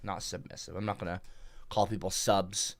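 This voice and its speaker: A man livestreaming through a headset, exasperated, swinging between mumbling and shouting at his chat. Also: sits low, steady tone, normal speed, vocal fry. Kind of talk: livestream rant.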